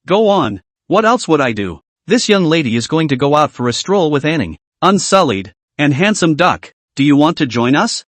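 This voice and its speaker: A man's voice: a little high, very animated, moderate pace, few pauses, no echo. Man reading cheeky young girl martial artist, boastful, stubborn, storybook recap, dry sound. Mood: cocky.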